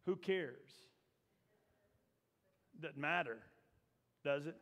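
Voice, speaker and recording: A man preaching a sermon in a church, shifting from low, confiding talk to loud, shouted exhortation. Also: very slow, big-room sound. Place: church sanctuary.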